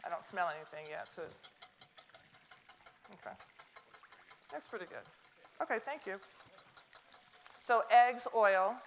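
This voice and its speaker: A woman's voice: mid-range voice, animated, slow pace, pauses often, background noise. A middle-aged woman with a Southern American accent, giving a chatty, joking cooking demonstration to a live audience. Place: stage kitchen before a live audience.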